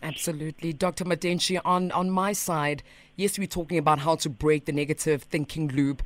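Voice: mid-range voice, steady tone, brisk, no room sound. A radio host in a studio interview, asking reflective questions.

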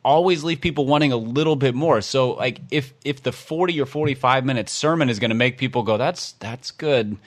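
A man with an everyday middle-pitched voice co-hosts a podcast in easygoing chat. He talks with wry, teasing humor and slips in dry jokes. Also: fast talker, hardly any pauses. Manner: wry, joking, teasing asides. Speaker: podcast co-host. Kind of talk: casual chat.

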